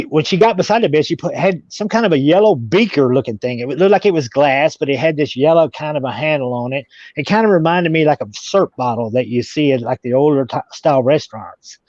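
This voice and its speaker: A man telling a long story as an interview guest, halting and repeating himself as he goes. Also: on the high side, a little mellow, dry recording. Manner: halting, repeats words and restarts. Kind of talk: casual storytelling. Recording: dull, dry audio.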